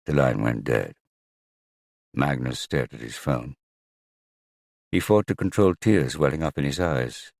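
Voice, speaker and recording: A man reading a novel aloud in a measured, even manner. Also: rumbling low, dry recording, studio quality. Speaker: audiobook narrator. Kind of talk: scripted narration.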